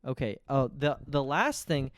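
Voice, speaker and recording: A man's voice: mid-range voice, expressive, unhurried, no echo, studio quality. A young man hosting his own podcast, talking casually in a rambling, self-deprecating way and often restarting his sentences. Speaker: podcast host. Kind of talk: casual solo podcast monologue.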